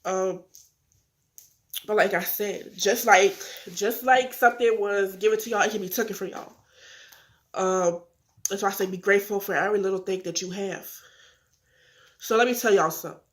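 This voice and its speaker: An eighteen-year-old woman speaks to her viewers in a casual confessional vlog, candid and earnest. She sounds upset but keeps herself from crying as she talks. Her voice sits at a middle pitch. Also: steady tone, moderate pace, pauses often. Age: young adult. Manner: talks directly to viewers, acts out phone calls. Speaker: vlogger.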